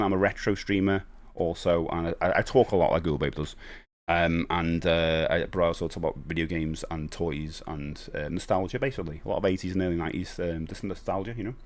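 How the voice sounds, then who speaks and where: Chatty Scouse man streaming live. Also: fairly low pitch. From Liverpool, England. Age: middle-aged. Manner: rambling, chatty, jumps to upbeat shout-outs to viewers. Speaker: retro game streamer. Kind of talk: casual live-stream chat.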